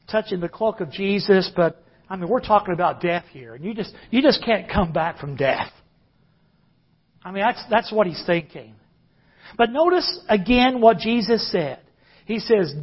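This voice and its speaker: A man preaching a sermon, earnest, drawing out key phrases slowly. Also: high voice, slightly rough. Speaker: pastor. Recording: dull lo-fi recording.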